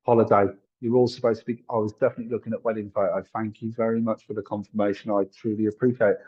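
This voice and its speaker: Husky-voiced man, chatty psychic. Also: lowish voice, level tone, racing, lo-fi sound. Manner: chatty, apologetic, thinks aloud with many fillers. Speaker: psychic medium. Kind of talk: live-streamed psychic reading.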